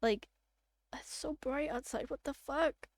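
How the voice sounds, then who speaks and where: A woman streaming a live game playthrough, chatty and excitable, swearing casually. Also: high-pitched, unhurried, no room sound, studio quality.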